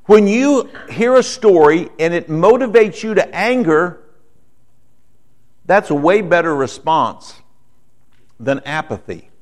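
A man with a fairly high voice is preaching a sermon. He talks conversationally, keeps asking the room "okay?", and moves between quiet explanation and emphatic points. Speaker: pastor.

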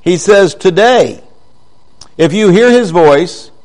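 A man preaching a conversational sermon, walking through Bible passages with rhetorical questions and an animated, teaching manner. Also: high voice, takes it slowly.

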